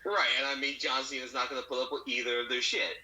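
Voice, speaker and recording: A man's voice: medium pitch, steady tone, quick pace, sharp tone, poor audio. A man co-hosting a casual podcast, chatting with wry jokes. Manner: wry, joking. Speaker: podcast co-host. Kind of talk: casual chat.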